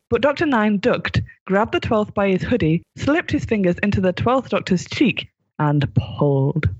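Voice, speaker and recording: A man's voice: high voice, husky, no echo, muffled recording. A man reading out a gory comic fan story, giggling now and then and putting on voices.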